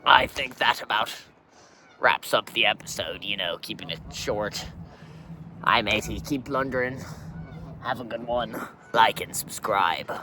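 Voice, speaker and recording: A man's voice: lowish voice, unhurried, long pauses, pushed and bright, slight background noise. A man hosting a comedy show in character as a pirate, rambling through rants and calling everyone "matey". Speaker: podcast host. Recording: voice a bit distant from the mic.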